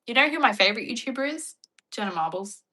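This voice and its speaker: Bright, playful woman chatting. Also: fairly high pitch, expressive, fast talker. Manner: chatty, playful, laughs often. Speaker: streamer chatting with viewers. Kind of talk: casual chat.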